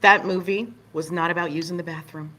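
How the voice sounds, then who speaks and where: A middle-aged woman from Virginia with a Southern US accent, a playwright and director chatting as an interview guest and telling stories animatedly. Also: brisk. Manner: animated storyteller, acts out voices with big pitch jumps. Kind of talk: casual interview chat.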